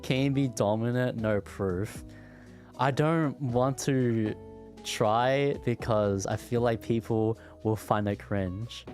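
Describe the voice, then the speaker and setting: Slow-talking stuttering male streamer. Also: medium pitch. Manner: stuttering, repeats words. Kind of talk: casual chat with viewers.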